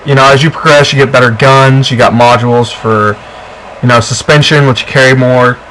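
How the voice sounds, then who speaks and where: A young man talks through a video game in a chatty, rambling way, full of fillers and restarts. His voice sits at a middling pitch. A faint hiss runs under the recording. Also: steady tone, brisk, fairly bright tone, low-quality recording. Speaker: co-host of a gameplay video. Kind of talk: casual gameplay walkthrough.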